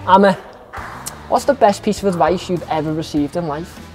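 A man's voice: high-pitched, background noise. A young man with a Scouse accent hosting a casual chat, playful and full of banter. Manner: playful, banter-heavy, quick to laugh. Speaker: interview host.

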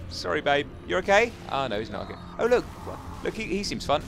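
Gamer guy yelling and joking through his playthrough, voice leaps all over, slightly high, faint hiss behind. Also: fairly quick, gravelly, few pauses. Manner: excitable, jokey, talks to his viewers and to enemies. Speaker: gaming YouTuber. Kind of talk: casual Let's Play commentary.

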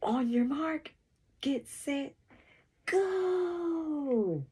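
A woman's voice: very high-pitched, slow pace, a bit bright, voice pushed up, full character voice. A woman reading a children's book aloud, voicing an eager young girl friend. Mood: excited.

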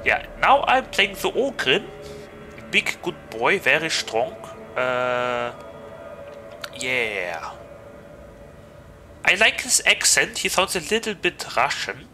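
Speaking slowly with long pauses, this VTuber has a fairly high, very animated voice that sounds pushed and bright, with faint music behind and low recording quality. He has a German accent and banters loosely and jokingly with viewers while gaming.

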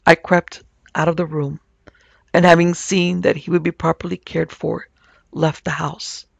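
A man narrating a supernatural tale in a measured, scripted storytelling manner. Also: fairly high pitch, little pitch movement, vocal fry, dry recording, highs cut off. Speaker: narrator and producer.

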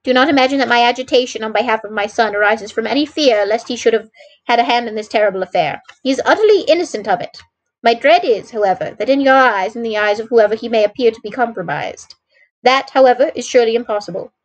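A woman's voice: on the high side, fast talker, natural voice, low-quality recording. A woman reading the part of an agitated middle-aged landlady who pleads anxiously and formally for her son.

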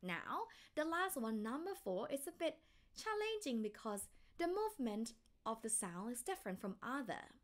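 A woman's voice: a little high, very animated, moderate pace. A woman with a Thai accent teaching a language lesson step by step, demonstrating tones by drawing out single syllables.

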